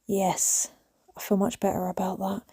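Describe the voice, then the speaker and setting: This British woman in her thirties talks to a phone camera as she declutters her small home, rambling casually and frequently slipping into a whisper. Her mid-range voice is mellow with a breathy edge, delivered completely flat at a normal speed. The recording is dry and clean, like a studio.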